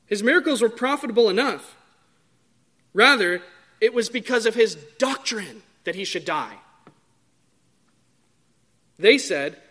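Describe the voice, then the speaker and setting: A man preaching a sermon in a measured, emphatic way, drawing out key words. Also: high voice, very animated, bright, forceful tone.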